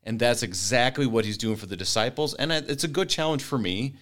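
Man chatting about a bible verse, relaxed, relating it to daily life. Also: mid-range voice, fairly quick. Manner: conversational, applies points to everyday life. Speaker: Bible study discussant. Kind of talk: casual Bible study discussion.

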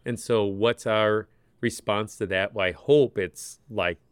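A man co-hosting a conversational Bible discussion, thoughtful and gentle, with casual fillers as he reflects. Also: on the low side, steady tone, measured pace, clear, resonant tone, no room sound. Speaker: co-host.

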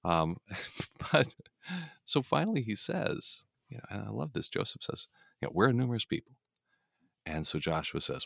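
This is a young man leading a relaxed Bible study on the radio, his voice lowish with a gravelly grain. He talks animatedly, his pitch leaping around as he acts out the people he quotes and laughs along the way. The studio sound is dry and close. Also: moderate pace, pauses often, dry recording. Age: young adult. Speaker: pastor. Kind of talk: casual Bible study discussion. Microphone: studio mic.

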